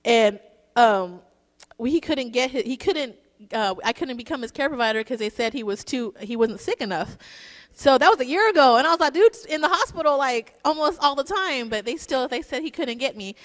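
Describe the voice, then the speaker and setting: A woman's voice: a little high, expressive, brisk. A woman giving a casual, joking eulogy for her father at a church service, telling stories in a chatty way. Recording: long reverb in a church hall.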